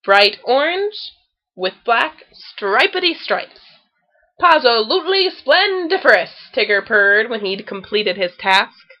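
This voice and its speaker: A woman's voice: mid-range voice, takes it slowly, muffled recording. Woman reading a children's story aloud. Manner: expressive storytelling. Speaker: storybook reader.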